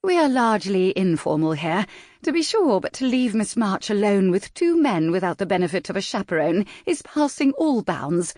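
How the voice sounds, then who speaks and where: A woman's voice: medium pitch, big pitch swings, moderate pace, darkish tone, no room sound, studio quality, voice pushed up. A woman voicing a flustered, prim society hostess in a period audiobook, anxious and fussy in manner. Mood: prim objection.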